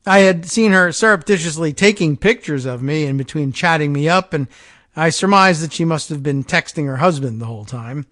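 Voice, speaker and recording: A man with a fairly high voice reads a long first-person story to his listeners. His dry, close-miked delivery keeps dropping into quiet, sardonic side comments before he goes back to the reading. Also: a little fast, no room sound. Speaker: podcast host. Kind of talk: reading a story aloud with asides.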